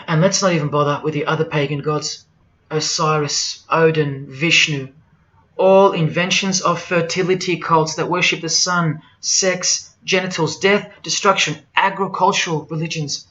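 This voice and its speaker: A man preaching a monologue in a forceful, rhetorical way, firing question after question at the listener. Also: fairly high pitch, steady tone, normal speed. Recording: dull lo-fi audio.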